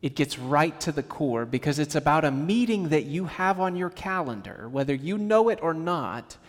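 A man preaching a sermon to his congregation in a conversational, animated way, acting out little quotes as he goes. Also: on the high side, normal speed. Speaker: pastor. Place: church sanctuary. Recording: church hall with long reverb.

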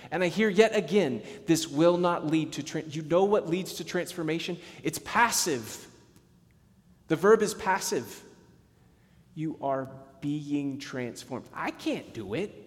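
A middle-aged male pastor preaching a sermon, passionate, swinging between emphatic bursts and hushed, slowed lines. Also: fairly high pitch, animated, long reverb tail.

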